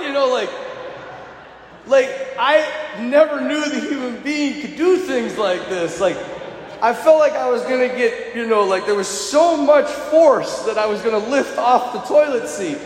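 A man telling an animated personal anecdote, retelling it dramatically with shouted bursts. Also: extremely high pitch, slight background noise. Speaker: storyteller. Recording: roomy hall with long reverb.

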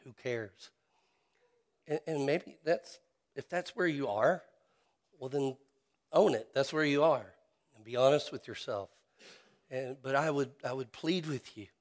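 A man's voice: medium pitch, unhurried, pauses often. A man preaching a sermon as a pastor, talking in an earnest, conversational way and often restarting and repeating his words.

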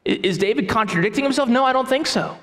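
A man's voice: very high-pitched, lively intonation, quick pace, fairly bright tone. A man preaching a sermon as pastor, with emphatic delivery that repeats key phrases. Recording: echoey hall with long reverb.

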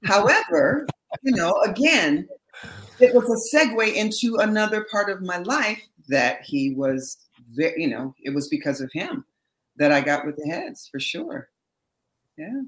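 Animated woman storyteller, lowish voice. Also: a little slow, echoey room, poor audio. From Berkeley, California. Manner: animated storyteller, laughs often. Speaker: guest, session singer. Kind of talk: casual interview chat.

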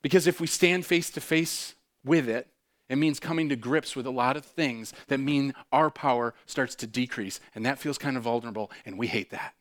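Impassioned male preacher, loud then hushed. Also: medium pitch, normal speed. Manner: impassioned, swings between loud bursts and hushed intimate tones; repeats phrases for emphasis. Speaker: pastor. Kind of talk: sermon.

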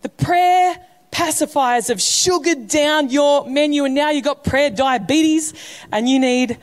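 A woman pastor preaches in a church, her voice sitting a little high for a woman. She talks casually and with humour, dropping into quoted voices to act out stories. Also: measured pace. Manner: conversational, humorous preaching with acted quotes. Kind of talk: sermon.

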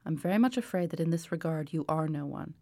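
A woman reading the lines of a gentle, earnest old man who speaks patiently and firmly. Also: low voice, expressive, fast talker, creaky, no echo, studio quality, exaggerated voice. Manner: patient, apologetic, firm.

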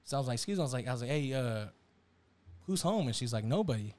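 Young man telling a story, animated. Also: medium pitch, fast talker. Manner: animated slang-heavy storytelling, acts out quotes. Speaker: storyteller on a podcast. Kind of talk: casual storytelling chat.

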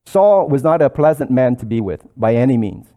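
Dark-voiced male preacher. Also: medium pitch, expressive, normal speed. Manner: earnest, explanatory, quoting scripture. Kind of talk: sermon.

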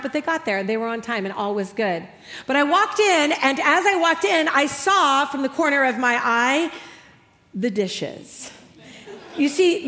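A middle-aged woman speaker telling a humorous story in a sermon to a live audience, animated and self-mocking, acting out her family's lines. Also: sits high, in a large hall. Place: large hall with a live audience.

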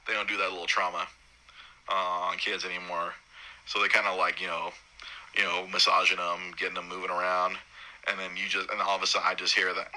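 A man with a low, bright, forceful voice tells a personal story in a loose, halting way. He is choked up and keeps restarting his sentences. When he quotes himself, his voice jumps up high. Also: flat delivery, low-quality recording. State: choked up, holding back tears. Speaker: new father recounting his son's birth. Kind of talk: casual emotional storytelling.

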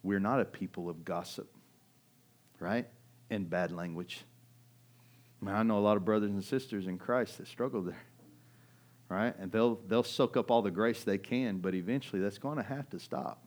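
A middle-aged man preaching in a loose, conversational style, his voice sitting a little low. He swings between loud, urgent stretches and hushed ones, and keeps turning to the audience with a quick "right?". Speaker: pastor. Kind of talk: sermon.

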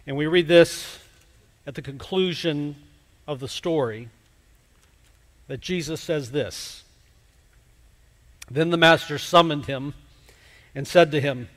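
A man preaching a sermon, slow and emphatic, dropping to a hush at key words. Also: on the high side. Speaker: pastor. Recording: long hall reverb.

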